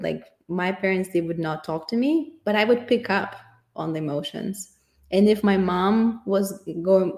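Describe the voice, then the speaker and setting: A woman's voice: fairly low pitch, darkish tone. A woman speaking in an earnest, reflective personal monologue, thinking aloud as she goes. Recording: echoey room.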